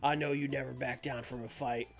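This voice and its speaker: A man's voice: medium pitch, flat delivery, brisk, vocal fry, soft background music, lightly acted. A man voicing a blunt, seasoned male wrestler firmly talking a friend down. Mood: persuasive.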